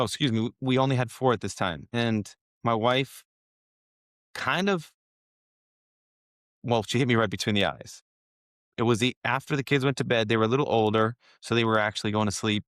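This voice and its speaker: A man's voice: mid-range voice, a bit bright, dry recording, studio quality. A man guest on a podcast, telling a personal story in an earnest, emotional way and then coaching his listener directly. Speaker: podcast guest, wealth manager. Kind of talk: casual conversational storytelling.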